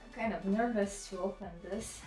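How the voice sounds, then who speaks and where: A woman's voice: mid-range voice, steady tone, normal speed, a little mellow. A woman makeup vlogger chatting casually to the camera, giggling often and gushing with thanks. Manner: giggly, laughs often between words; gushing and grateful. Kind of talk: casual vlog chat to the camera. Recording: roomy echo with faint background music.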